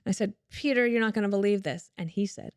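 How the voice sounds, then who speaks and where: A woman in her fifties from Colorado tells personal stories in an interview. She brings them to life by acting out the other people's lines, with a middling pitch. The room is dry and close, with no echo. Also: quick pace. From Colorado, USA. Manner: animated storyteller who acts out quoted voices. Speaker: guest. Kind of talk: candid storytelling interview.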